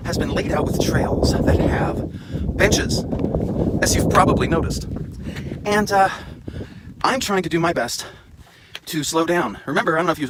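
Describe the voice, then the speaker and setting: A man vlogging while walking a hiking trail, chatting casually and joking at his own expense into a handheld camera. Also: a little high. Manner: joking, rambling, self-mocking. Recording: outdoor wind and traffic noise.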